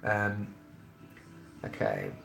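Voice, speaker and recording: A man in his thirties with a London accent, chatting bluntly and loosely on a travel live stream, pausing often with ums. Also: on the low side, very animated, creaky, a bit bright, roomy sound, soft background music, poor audio. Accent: London English. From England. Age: 30s. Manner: rambling and blunt, heavy with ums. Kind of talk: casual live-stream chat.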